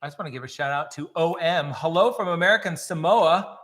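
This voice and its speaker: Man, live-stream co-host, easygoing, slightly high voice, bright. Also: brisk. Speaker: co-host reading viewer comments. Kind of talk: casual live-stream chat.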